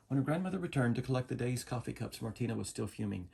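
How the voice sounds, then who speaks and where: A man reading a children's story aloud as a lesson, gentle and explaining. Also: medium pitch, animated, fast, gravelly, hardly any pauses, noisy background. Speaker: reader.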